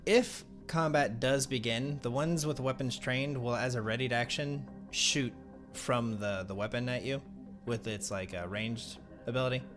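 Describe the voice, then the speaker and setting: A man narrates a tabletop game as game master in a casual, halting way, often with fillers. His pitch is middling for a man. Faint music plays behind him. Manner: casual, laughing, swears when flustered.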